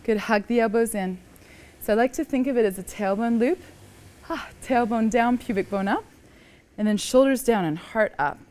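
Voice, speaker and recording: A woman leads a yoga class, cueing each pose in a calm, encouraging way. She is slightly out of breath as she moves through the flow herself. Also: fairly high pitch, normal speed. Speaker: yoga teacher. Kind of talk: guided yoga class instruction.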